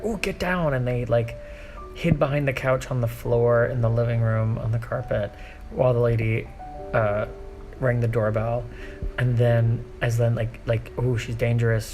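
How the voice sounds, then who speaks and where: A man chatting casually in a book vlog on his back porch, gushing about what he reads and dropping into soft asides. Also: mid-range voice. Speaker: book vlogger. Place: back porch outdoors at home.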